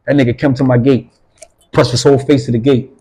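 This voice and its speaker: A man's voice: mid-range voice, level tone, fast, dark tone, slightly rough, low-quality recording. A middle-aged man, an interview guest, telling a rambling, profane story in casual talk. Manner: profane, rambling, acts out others' voices.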